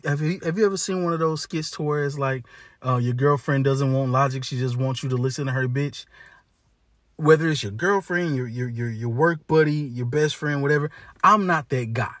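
Man, mid-pitched, profane casual rant, slangy and blunt, dry close sound. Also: dry recording. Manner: blunt, heavy cursing, slangy, many restarts. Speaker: monologue speaker.

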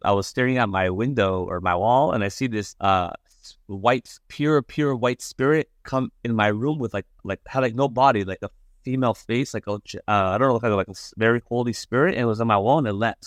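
A young man from Los Angeles, a podcast guest telling his story casually, halting with lots of fillers. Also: fairly low pitch, dry recording, studio quality. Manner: halting, many fillers and restarts.

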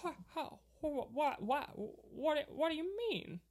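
A woman's voice: high-pitched, animated, slow, darkish tone, pitched above the performer's own voice, exaggerated voice. A woman doing an impression of a classic film actor, stammering and repeating her words. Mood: flustered.

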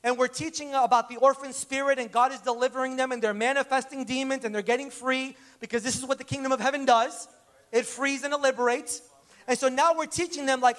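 A man preaching a conversational sermon, telling stories in an animated way and acting out the dialogue. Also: extremely high pitch, fairly quick.

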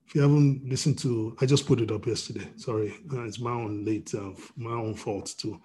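Male pastor, dark husky tone, preaching over a video call. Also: medium pitch. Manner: reads scripture aloud, then preaches with restarts and "you know".

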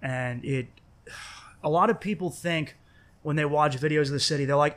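A young man in casual chat, telling a story with lots of swearing and lively acted-out quotes. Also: on the high side, normal speed. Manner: profane, animated, acts out quoted voices.

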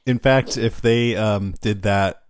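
A man's voice: on the low side, fairly even intonation, slow, slight background noise. A man co-hosting a casual podcast, easygoing and stumbling over restarts as he wraps up the show. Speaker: podcast co-host. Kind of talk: casual chat, show outro.

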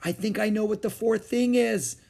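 A man voicing an eager, cheerful young girl in a storybook read-aloud, talking high and bright. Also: normal speed, creaky.

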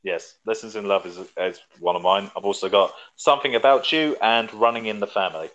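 A man hosting a casual podcast, briskly running through a list and laughing often. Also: fairly low pitch, a bit bright, muffled recording. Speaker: podcast host.

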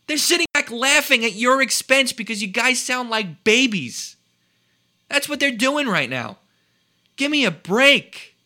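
The man has a high voice with a piercing brightness. He rants about sports in an indignant, emphatic way and hammers points home by repeating himself. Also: lively intonation, measured pace. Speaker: sports commentator. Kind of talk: heated sports talk rant.

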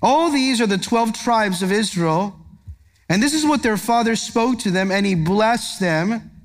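A man's voice: sits high, lively intonation, unhurried. A male pastor preaching a verse-by-verse sermon, earnest and emphatic, putting rhetorical questions to his congregation. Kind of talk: expository sermon. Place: church sanctuary.

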